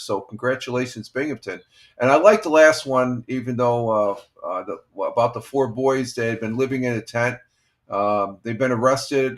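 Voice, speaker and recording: An older man hosting a casual morning live stream, talking in a halting, rambling way and reading out viewers' comments. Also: mid-range voice, a bit bright. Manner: rambling, halting, reads chat comments aloud. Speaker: livestream host.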